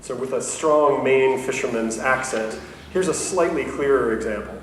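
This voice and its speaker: A university professor giving a conversational science lecture, explaining with light humor and correcting himself along the way. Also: male voice, mid-range voice, normal speed. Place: lecture hall. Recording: echoey hall, mic at a distance, faint noise.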